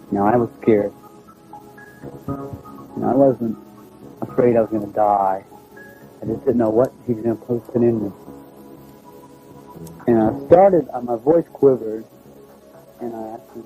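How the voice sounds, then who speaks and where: A man telling a personal story in a plain, halting, conversational way. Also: mid-range voice, dark tone, faint music behind, rough recording. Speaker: storyteller recounting a personal experience. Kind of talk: first-person spoken recollection.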